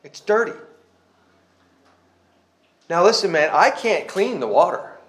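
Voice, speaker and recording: A man with a somewhat raised speaking pitch shares his personal testimony before a congregation. He talks earnestly and plainly, pokes fun at himself, and often restarts his sentences as he goes. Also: sing-song, slow pace. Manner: earnest and conversational, with self-mocking humor; rambling, with restarts. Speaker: church member giving a testimony.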